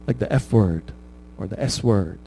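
A man's voice: lowish voice, expressive, normal speed, gravelly, dark tone, slight background noise, rough recording. Conversational man preaching a sermon. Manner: conversational preaching with frequent "right?" tags; laughs at his own anecdotes. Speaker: pastor.

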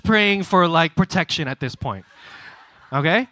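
A man in his twenties preaching a sermon and telling a story in a lively, chatty way. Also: mid-range voice, normal speed, dry recording. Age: 20s.

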